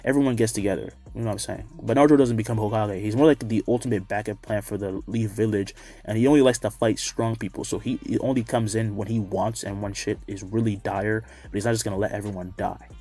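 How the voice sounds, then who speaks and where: A man's voice: fairly low pitch, fairly even intonation, quick pace, few pauses, dark tone, faint music behind. A man casually retelling a fan story, cursing freely and adding off-the-cuff asides.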